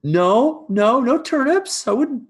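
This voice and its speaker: A man's voice: very high voice, animated, slow, pitched above the performer's own voice, full character voice. A man voicing a nervous young female servant who stammers and pleads. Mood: flustered.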